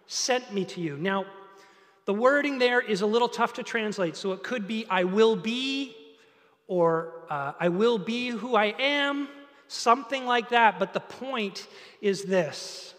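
A man preaching a sermon as pastor, animated and building to loud, emphatic peaks, then dropping low for quiet points. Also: unhurried. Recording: long reverb of a large hall.

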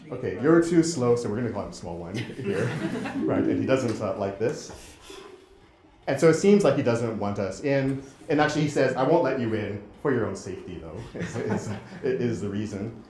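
Male lecturer, low voice, halting with lots of restarts, roomy echoey sound. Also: expressive, darkish tone. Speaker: presenter. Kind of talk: lecture with interactive game demo.

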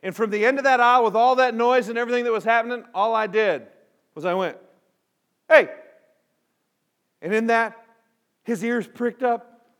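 A man giving a storytelling sermon to students in front of a live audience, acting out voices and turning quiet and earnest toward the close. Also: very high voice, quick pace. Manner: animated storyteller who acts out voices.

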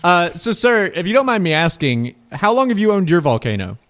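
Animated man hosting a comedy bit. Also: high voice, a little fast. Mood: bemused. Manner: bemused, quizzing, playing it straight. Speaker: radio DJ and host. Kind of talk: improvised comedy sketch.

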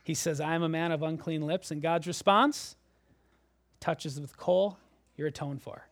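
Man preaching, high voice, animated, loud then hushed, dry close sound. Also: no echo. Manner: animated, swings between loud emphasis and hushed low lines. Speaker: pastor. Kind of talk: sermon.

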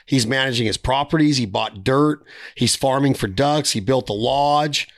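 A man hosting a podcast, rambling through a hunting story with quick restarts. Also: mid-range voice. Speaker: podcast host. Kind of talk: casual podcast chat.

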